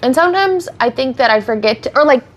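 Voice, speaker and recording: This woman's voice sits high and she's an animated, fast talker. She rambles casually in a get-ready-with-me livestream, answering viewers' questions on a close streaming mic, with the highs cut off and soft music in the background.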